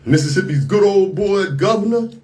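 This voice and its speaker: A man's voice: sits high, animated, moderate pace, darkish tone. A man hosting a radio talk show, giving outspoken, indignant commentary on the news and often repeating and restarting his words.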